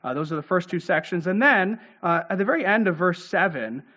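A man delivers an expository sermon, stopping often to explain scripture. He has a fairly high voice and fills his pauses with "uh" and "right?". The recording is dull and lo-fi. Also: expressive, bright, forceful tone. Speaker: pastor.

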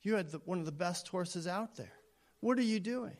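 A man's voice: sits high, lively intonation, normal speed. A man acting out a racehorse owner who confronts his jockey in disbelief. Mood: incredulous. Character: exasperated male racehorse owner, calm mentor.

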